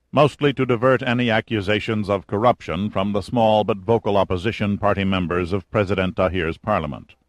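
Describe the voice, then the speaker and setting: A man narrating a thriller audiobook in a steady, even storytelling manner. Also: deep voice, no echo, studio quality.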